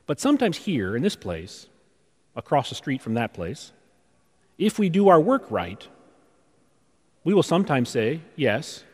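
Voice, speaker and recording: A man preaching a conversational sermon, full of rhetorical questions and pauses, in a church sanctuary. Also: a little high, sing-song, darkish tone. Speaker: pastor. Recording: long reverb of a large hall.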